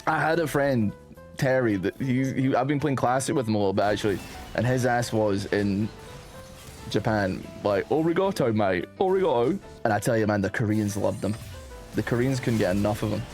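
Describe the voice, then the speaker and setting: A man's voice: lowish voice, fairly even intonation, normal speed, a little mellow, faint music behind. A man streaming casual reaction commentary, rambling and joking with plenty of swearing.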